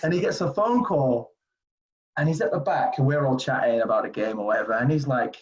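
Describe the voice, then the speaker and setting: A man's voice: medium pitch, a little fast. English guy in his 40s rambling through old stories, lots of "like"s, muffled lo-fi sound. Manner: animated, rambling, full of fillers. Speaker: streetball player guest. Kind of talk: casual interview storytelling. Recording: dull lo-fi audio.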